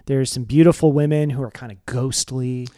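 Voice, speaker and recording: A man's voice: medium pitch, fairly even intonation, normal speed, mellow, no echo, clean studio sound. A man co-hosting a casual chat about music videos, chatty and joking as he explains. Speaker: co-host.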